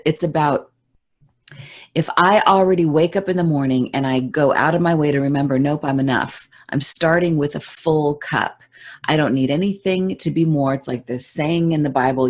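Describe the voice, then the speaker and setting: A woman co-hosting a podcast in casual, reflective chat, acting out her own reactions in quoted voices. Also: low-pitched. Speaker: podcast co-host.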